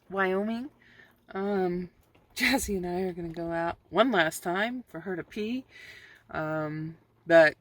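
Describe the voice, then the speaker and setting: A woman vlogging from her camper van and campsite, chatting casually and coaxing her dog in a sing-song voice. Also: on the low side. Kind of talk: casual vlog chat.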